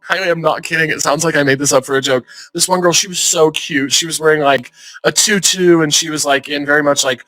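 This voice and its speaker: A young man, a stand-up comedian, chatting as a podcast guest and telling animated stories with acted-out quotes. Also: a little high, no room sound. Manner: animated storyteller, acts out quotes. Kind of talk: casual chat.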